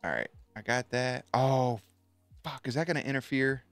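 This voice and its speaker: A man's voice: medium pitch, moderate pace, fairly bright tone, no echo, faint music behind. A man streaming live, chatting loosely and swearing as he tells a story to his viewers, with many restarts.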